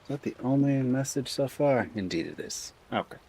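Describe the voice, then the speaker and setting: A man's voice: medium pitch, animated, moderate pace, darkish tone. A man streaming a video game, chatting casually and thinking aloud as he plays. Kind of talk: casual let's-play commentary.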